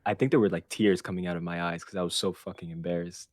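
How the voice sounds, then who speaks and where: A man with a somewhat low voice tells a story on a podcast, loose, animated and full of swearing. He breaks into laughter now and then. The sound is close and dry, with no room around it. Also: quick pace, no echo. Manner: animated, profane, laughs through his story. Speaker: podcast host. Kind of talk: casual storytelling chat.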